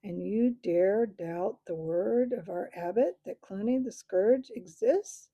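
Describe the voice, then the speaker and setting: A woman voicing a very old, absent-minded male mouse who keeps records, speaking in a squeak barely above a whisper. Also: animated, slow pace, mellow, breathy edge, no echo, highs cut off, exaggerated voice. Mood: grave.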